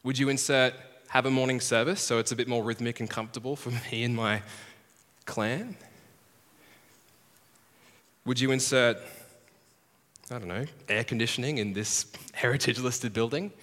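A man's voice: mid-range voice, steady tone, moderate pace, pauses often, a bit bright. A man preaching a conversational, self-deprecating sermon as pastor, acting out the voices he quotes. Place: large heritage church hall. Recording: long hall reverb.

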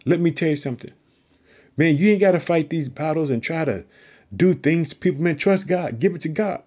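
A man's voice: fairly high pitch, moderate pace, a little mellow. A man preaching through a psalm, reading verses aloud and urging listeners he calls family to trust and pray. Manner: repeats catchphrases between verses. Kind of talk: Bible teaching talk.

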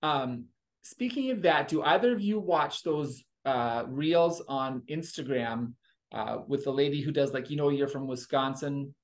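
Halting man co-host with dry humor. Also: medium pitch. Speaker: podcast co-host. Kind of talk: casual chat.

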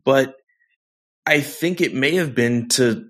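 A man's voice: mid-range voice, slow. A man co-hosting a casual comic book review chat, talking hesitantly with lots of restarts and fillers.

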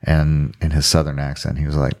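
A man from the American South, a film director as guest, telling animated stories in casual conversation in a podcast studio. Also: rumbling low, fairly quick, creaky. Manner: animated anecdote-teller, trails off and restarts. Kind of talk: casual storytelling in an interview.

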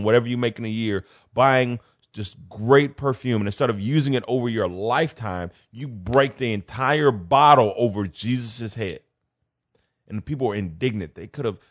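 A man's voice: mid-range voice, no echo, clean studio sound. A man preaching a sermon in a conversational way, repeating key phrases for emphasis.

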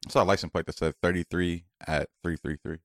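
A man co-hosting a podcast in casual chat, talking in quick slang and swearing freely. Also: sits low, fairly even intonation, fairly bright tone, no room sound, studio quality. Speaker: podcast co-host.

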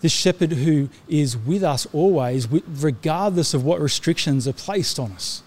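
Earnest man preaching, a touch high. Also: expressive, moderate pace, darkish tone. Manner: earnest, frequent restarts and fillers. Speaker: pastor. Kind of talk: sermon.

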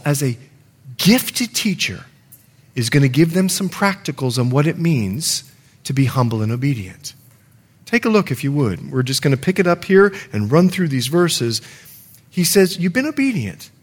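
A man's voice: on the high side, breathy edge. A middle-aged man preaching a sermon as pastor in a church, telling stories and acting out the people in them. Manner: animated storytelling with acted-out quotes.

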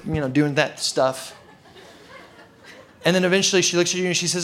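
A man's voice: sits high, moderate pace, pauses often, fairly bright tone. A male preacher telling a story in a casual, conversational sermon, with frequent filler words.

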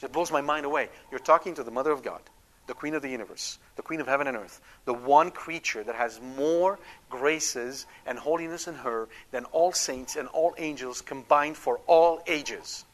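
Emphatic man with a bright voice. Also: medium pitch, normal speed. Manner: emphatic, checks in with "right?"; acts out quoted prayers. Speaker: Catholic teacher. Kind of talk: catechetical talk.

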